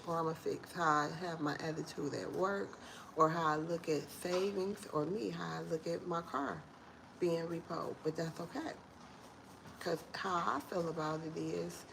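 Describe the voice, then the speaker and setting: A woman in her forties talks to her viewers from home in a casual morning vlog. Her voice is gravelly with fry and sits on the low side, her manner earnest and a bit preachy. Faint room noise hums behind her. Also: rough recording. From Detroit, USA. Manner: heartfelt, preachy, talks straight to viewers as y'all. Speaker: vlogger.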